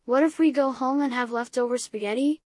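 Brief: calm male frog from a storybook, voiced simply by a woman, slightly high, deadpan. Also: brisk, no room sound, studio quality, lightly acted. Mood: hopeful.

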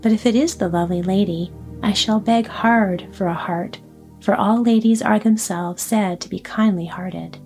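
A gentle tin man pleads politely and earnestly, as a woman narrator reads him. Her tone stays mellow and soft. It sounds like a storybook read aloud. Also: medium pitch, steady tone, moderate pace, soft background music, lightly acted.

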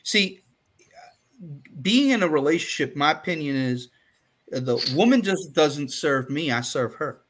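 A man's voice: on the high side, animated, a little slow, long pauses, a little hiss or hum. A man co-hosting a podcast, talking earnestly and emphatically in casual discussion. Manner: earnest, emphatic, gets loud and fired up. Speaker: podcast co-host.

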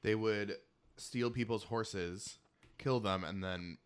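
A man hosting a casual podcast chat, campy and animated, telling stories with lots of laughter while eating. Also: on the low side, takes it slowly, smooth. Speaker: podcast host. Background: eating while talking.

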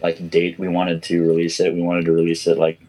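A man's voice: low voice, completely flat delivery, a little fast, mellow, slight background noise. A man guesting on a podcast as a band musician, chatting casually and joking, with plenty of filler words. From Filipino family background. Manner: laid-back, joking, lots of "like".

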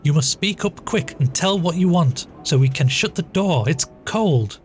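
A man reading aloud and voicing a warm-hearted but stiff country hostess, speaking kindly and slowly. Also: low-pitched, animated, faint music behind, pitched above the performer's own voice. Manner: kindly, slow, constrained.

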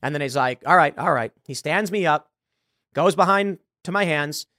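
A man's voice: a little high, normal speed, sharp tone, dry recording. Man telling a story on a podcast, dry sound. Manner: storytelling, acts out dialogue. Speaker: show host. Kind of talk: podcast monologue.

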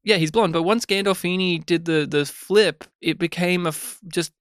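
A man co-hosting a film review podcast in casual chat, animated and digressive. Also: high voice, smooth, no echo, studio quality. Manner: animated, digressive, acts out scenes in quick put-on voices. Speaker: podcast co-host.

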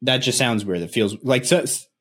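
A man's voice: mid-range voice, normal speed, a bit bright. A man from Nebraska with a mid-range voice, chatting loosely as a podcast co-host. He circles through his points with lots of filler and laughs easily. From Nebraska, USA. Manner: rambling, full of "like", laughs easily. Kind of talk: casual basketball podcast chat.

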